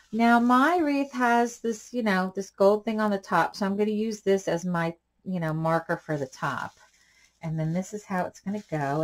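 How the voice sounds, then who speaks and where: A woman hosting a casual crafting tutorial, talking in a chatty, rambling way with side stories while she works. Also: mid-range voice. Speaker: craft channel host.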